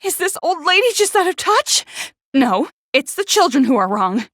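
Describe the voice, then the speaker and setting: A woman voicing a prickly, sharp-tongued teenage girl in a video game, who stutters when flustered. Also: high voice, big pitch swings, moderate pace, no room sound, clean studio sound. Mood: mocking. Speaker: game character.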